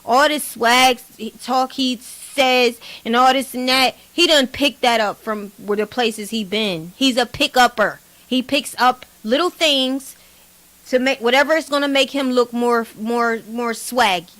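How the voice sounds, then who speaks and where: A woman giving blunt, animated gossip commentary as a vlog host. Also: fairly high pitch, measured pace. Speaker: commentary vlogger.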